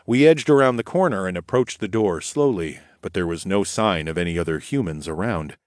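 A man reading a first-person story as an audiobook narrator, in a measured storytelling manner. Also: deep voice, expressive, no echo, clean studio sound.

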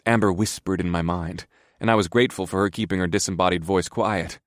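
Man, very low voice, wry grumbling first-person narration, dry close mic. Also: fairly quick, no echo. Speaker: audiobook narrator.

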